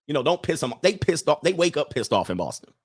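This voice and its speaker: A man's voice: a little high, sing-song, quick pace, slightly rough, no echo, studio quality. A man hosting a livestream in casual chat, rambling and laughing often as he reads out viewer messages.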